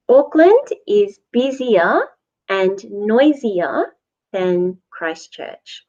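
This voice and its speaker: A woman teaching English grammar, speaking very slowly and deliberately so learners can follow. Her voice is lively and rises and falls a lot on each example word. The recording sounds dull and lo-fi. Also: medium pitch. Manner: slow, deliberate, repeats words for learners. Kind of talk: slow grammar lesson.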